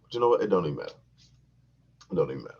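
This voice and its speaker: Gravelly, deep-voiced man telling crude stories. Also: very fast, highs cut off, slight background noise. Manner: animated, crude, repeats himself for laughs. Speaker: podcast host telling a story. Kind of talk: profane comic storytelling.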